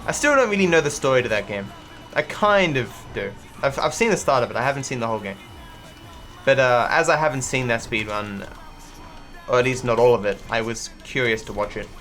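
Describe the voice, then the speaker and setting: A man's voice: mid-range voice, animated, fairly quick, fairly bright tone, faint music behind. Rambling Australian man, hard-to-place accent. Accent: mixed, not typically Australian. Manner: rambling, many fillers and restarts, swears freely. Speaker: streamer. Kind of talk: casual livestream commentary while gaming.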